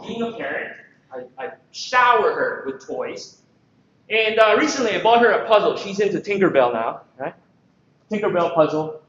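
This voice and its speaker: Man from the Philippines, high voice, joking conference speaker, heavy echo, dull sound. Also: moderate pace. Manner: lively, joking, full of rhetorical questions. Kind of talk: energetic conference presentation. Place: large conference hall. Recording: echoey, dull hall recording.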